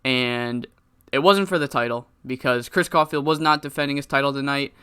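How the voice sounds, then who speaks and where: A man's voice: mid-range voice, a little fast, pushed and bright, clear, resonant tone. A man giving casual video game commentary, rambling, cursing freely and correcting himself as he goes. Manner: rambling, profane, self-correcting.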